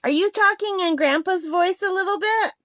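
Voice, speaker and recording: A woman talks to her pet in playful baby talk, her voice high and sweet. The sound is dry and close, recorded in a bedroom with almost no room echo. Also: normal speed, pushed and bright. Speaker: craft vlogger, pet owner. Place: upstairs bedroom.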